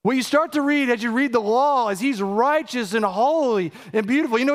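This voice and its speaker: A man's voice: brisk, hardly any pauses. A pastor in his thirties preaching a sermon, emphatic and urgent, firing direct questions at his listeners. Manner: emphatic, rising to urgent high peaks and asking the audience direct questions.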